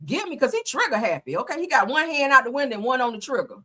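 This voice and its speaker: A woman's voice: sits high, big pitch swings, fast, bright, forceful tone. A woman hosting a livestream, giving casual, slangy commentary and laughing often. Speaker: livestream host.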